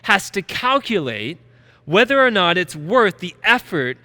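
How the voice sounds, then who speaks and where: A male pastor delivering a sermon in a bright, ringing voice pitched a little above the usual. He talks with emphasis and drives his points home by repeating key phrases. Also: sing-song, a little slow.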